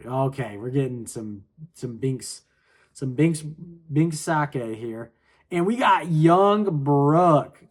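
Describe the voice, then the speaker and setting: A man's voice: mid-range voice, a little mellow. A man casually chatting his way through a comic chapter, laid-back and full of slangy filler. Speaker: manga reaction host. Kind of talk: casual chapter read-along commentary.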